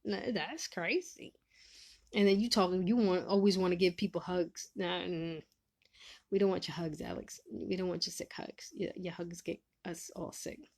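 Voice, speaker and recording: A woman hosting a casual live stream, giving advice and teasing viewers in the chat, laughing often and swinging between loud and soft. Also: on the low side, level tone, moderate pace.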